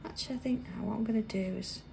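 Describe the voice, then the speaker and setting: Gravelly British woman, chatty craft demo. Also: fairly high pitch, racing, background noise. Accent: British English. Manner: chatty, drops to a soft whisper while drawing. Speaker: craft demonstrator hosting a live stream. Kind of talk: live craft tutorial chat. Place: busy indoor craft workroom.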